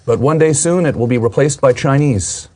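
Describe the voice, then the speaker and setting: A man's voice: medium pitch, normal speed, darkish tone, a little hiss or hum. A man appearing as a guest comedian, reading jokes and chuckling along in casual banter. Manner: laughs through jokes, agreeable.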